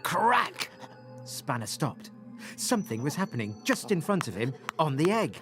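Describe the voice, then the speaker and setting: A narrator telling an expressive scripted story for young children. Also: mid-range voice, moderate pace. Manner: expressive, bouncy. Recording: music playing behind.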